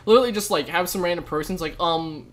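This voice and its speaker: A young man live-streaming a game, chatting with viewers in a jokey, rambling way with sudden loud outbursts. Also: on the high side, quick pace. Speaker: gaming streamer. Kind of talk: live gameplay commentary with chat.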